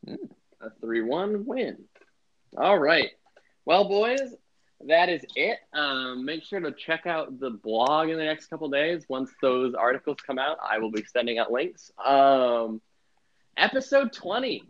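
A man's voice: a little high, very animated, a little slow. A young man hosting a casual sports podcast, rambling with lots of filler words. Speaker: podcast host. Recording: muffled lo-fi sound.

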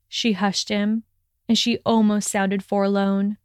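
A woman narrating a story aloud in a steady, expressive storytelling manner. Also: medium pitch, unhurried, smooth, dry recording, clean studio sound. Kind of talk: reading fan fiction aloud.

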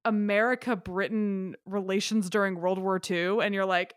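A woman's voice: medium pitch, a little slow, hardly any pauses, no echo, clean studio sound. A woman co-hosting a podcast, talking about films in an enthusiastic, rambling way full of fillers. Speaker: podcast co-host. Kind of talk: casual film chat.

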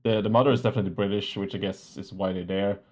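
Lowish voiced guy on a movie podcast, excited, laughs a lot, halting fillers. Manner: enthusiastic, laughs often, hesitant fillers. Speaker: podcast co-host. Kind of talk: casual film discussion.

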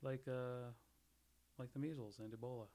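A man's voice: mid-range voice, fairly even intonation, normal speed, mellow. A man in casual podcast chat, rambling through jokey theories with frequent laughs and restarts.

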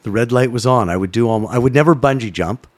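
A middle-aged man from Canada, a former sports broadcaster, telling a story in a casual chat, animated and swearing freely. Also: medium pitch, fast talker. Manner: animated, swearing, acts out voices in his stories.

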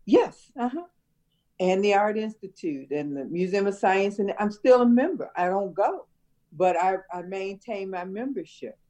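An older woman, a retired schoolteacher from Chicago, reminiscing in a relaxed conversation and laughing often. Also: medium pitch, normal speed. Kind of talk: casual conversation.

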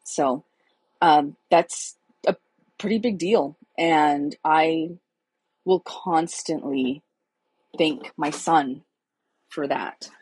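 A woman's voice: low-pitched, extremely slow, pauses often, darkish tone, slightly rough, dry recording, low-quality recording. A woman in her thirties candidly telling her own life story in a casual, emotional, chatty way. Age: 30s.

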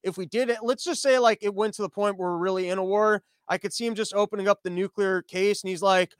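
A man with a high voice rants sarcastically about politics, swearing freely and wandering off on tangents. His delivery is loose and comedic. The recording is dry and close. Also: steady tone, quick pace, hardly any pauses, clear, resonant tone, dry recording. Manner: profane, sarcastic, rambling.

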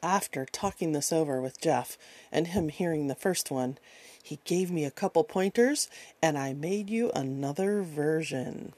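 A woman's voice: low voice, a little slow, a little mellow, no room sound. Playful fifty-something woman podcaster. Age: 50s. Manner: playful, chatty, self-mocking. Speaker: podcast host. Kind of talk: casual podcast storytelling.

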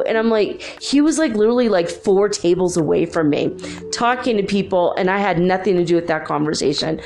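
A woman's voice: mid-range voice, expressive, a little fast, darkish tone, soft background music. A woman talking in a casual vlog monologue, rambling through a story with lots of filler words.

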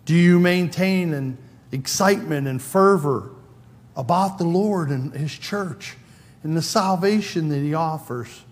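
A man with a fairly high voice preaches a sermon at a measured pace in a large church sanctuary. He keeps it conversational, raising his voice to act out quoted lines.

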